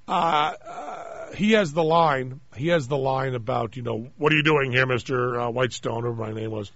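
A man's voice: medium pitch, moderate pace, no room sound. A man hosting a radio show, telling a long funny anecdote in casual chat and acting out the lines of the people in it. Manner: animated anecdote-teller, mimics voices in retold dialogue. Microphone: studio microphone. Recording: dry, slightly dull radio studio sound.

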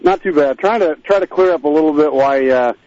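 A man's voice: on the high side, brisk, a little mellow, muffled recording. A man calling in to a radio show, explaining hesitantly with fillers. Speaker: caller. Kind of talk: phone-in call.

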